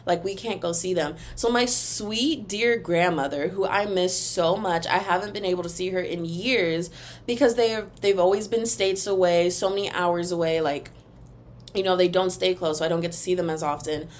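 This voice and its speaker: Rambling young woman podcaster, low voice. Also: moderate pace. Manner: animated, emphatic, rambling, sings a taunting chant. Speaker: podcast host. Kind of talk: casual solo podcast rant.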